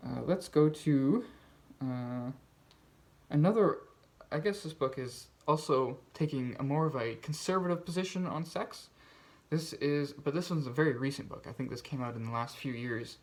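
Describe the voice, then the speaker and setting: A man's voice: fairly high pitch, moderate pace. A man hosting a casual book video, talking through his reading pile with lots of fillers and restarts. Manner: rambling, many fillers and restarts. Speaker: BookTube host.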